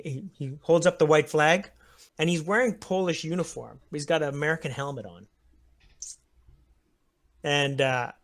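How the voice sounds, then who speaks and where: A man narrating a tabletop war game as game master, describing the scene step by step with frequent chuckles. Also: a little high. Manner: descriptive, chuckles between lines.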